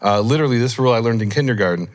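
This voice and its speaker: A man explaining grammar in a relaxed teaching discussion, thinking aloud and correcting himself as he goes. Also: medium pitch, very fast. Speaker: Hebrew scholar teaching.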